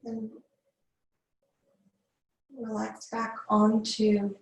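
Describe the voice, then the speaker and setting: A woman yoga teacher guiding a slow yin yoga meditation, giving soothing breath cues with long pauses. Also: a little high, monotone, reverberant, slight background noise, rough recording.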